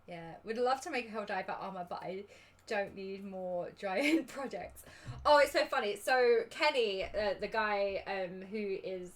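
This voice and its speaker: A young Englishwoman with a medium-pitched voice chats at a measured pace on a livestream, judging cosplay while working on a craft project. She's chatty and giggly, and tends to ramble.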